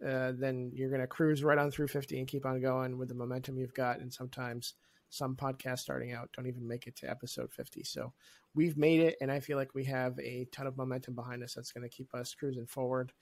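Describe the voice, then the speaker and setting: A man's voice: mid-range voice, level tone, a little fast, a little mellow. A man co-hosting a podcast, thanking listeners in a grateful, upbeat way, with fillers and restarts. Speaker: podcast co-host. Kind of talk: casual podcast chat.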